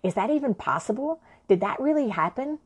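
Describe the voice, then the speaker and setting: A woman's voice: fairly high pitch, lively intonation, a little fast, husky. A woman narrating a personal story in a frank, conversational way, swearing freely.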